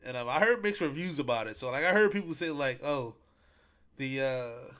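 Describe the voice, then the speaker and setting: A man's voice: medium pitch, expressive, moderate pace, a bit bright. A man hosting a podcast, chatting casually in a rambling, repetitive way with lots of slang and fillers. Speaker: podcast host. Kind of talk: casual solo podcast chat.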